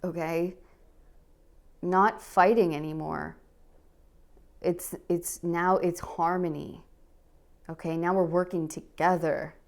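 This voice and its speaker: Slow-talking woman tarot reader. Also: lowish voice. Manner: animated and encouraging, with frequent laughs and "okay?" check-ins. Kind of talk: tarot card reading to camera.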